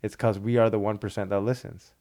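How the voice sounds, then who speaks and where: A man, a criminal lawyer, talking casually in an interview and acting out exchanges with police. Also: fairly low pitch. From Sri Lanka. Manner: fast, animated, acts out police exchanges.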